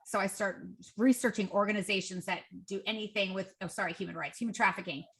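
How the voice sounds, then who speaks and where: Podcast guest, woman, 40s, bright voice, lively storyteller who acts out the dialogue. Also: quick pace. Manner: lively, acts out quoted dialogue with raised pitch. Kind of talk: casual interview storytelling.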